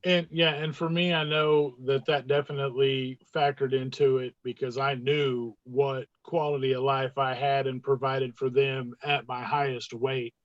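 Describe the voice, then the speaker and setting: A podcast guest telling a personal story in a casual, animated way, acting out the dialogue. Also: medium pitch, a little slow, hardly any pauses, no echo. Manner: animated, acts out quoted dialogue in raised voices. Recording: dull, dry lo-fi sound.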